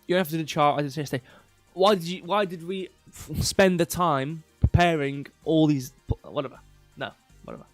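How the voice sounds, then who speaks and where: A man hosting a crypto livestream in casual chat, rambling, restarting sentences and reading chat aloud while slowly losing his voice. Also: on the high side, dry recording, faint music behind. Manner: rambling, self-interrupting, reads chat aloud. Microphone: desk mic.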